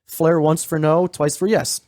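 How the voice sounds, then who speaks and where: A man's voice: on the high side, steady tone, measured pace, a little mellow, no room sound, studio quality, natural voice. A man voicing a frustrated young woman lost in a haunted garden, speaking in a profane, exasperated way. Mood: commanding.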